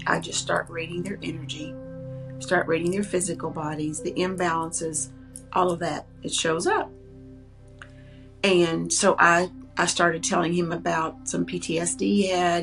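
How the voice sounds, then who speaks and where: A woman with a lower voice tells a personal story from her work as a psychic medium. She is earnest and animated and acts out the people she quotes, with soft guitar music faintly behind her. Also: gravelly.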